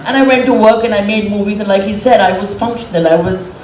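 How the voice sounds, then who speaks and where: A woman's voice: medium pitch, fast, darkish tone. A middle-aged woman gives a candid, emotional public speech as a guest speaker on a dais. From India. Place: event hall, on a dais. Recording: roomy hall from far off.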